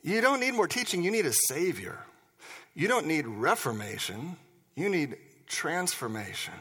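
A male pastor voicing a patient, gently challenging male teacher, speaking earnestly with emphatic contrasts. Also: fairly high pitch, big pitch swings, unhurried, slightly rough, exaggerated voice. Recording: reverberant hall.

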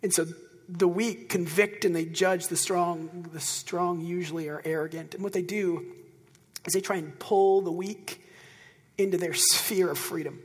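Male pastor, high husky voice, conversational sermon, long hall reverb. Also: measured pace. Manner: animated, conversational preaching with asides. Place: church auditorium.

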